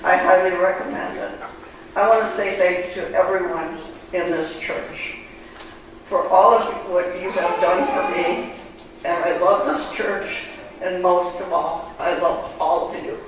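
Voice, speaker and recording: A woman giving a heartfelt personal testimony at church, in halting, storytelling speech. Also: fairly low pitch, steady tone. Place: church sanctuary. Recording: echoey church hall, distant mic, background noise.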